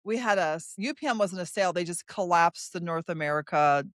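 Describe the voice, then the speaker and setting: A woman's voice: fairly low pitch, brisk, no room sound, clean studio sound. A woman hosting a casual conversation, who thinks aloud as she recalls shared memories and asks follow-up questions. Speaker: podcast host.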